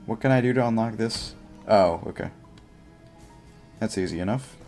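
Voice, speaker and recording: A young man talks through his gameplay in a loose, rambling way, leaning on filler words as he thinks aloud. His voice sits very low. Faint game music plays quietly behind him. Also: moderate pace. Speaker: livestreamer. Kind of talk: casual gameplay commentary.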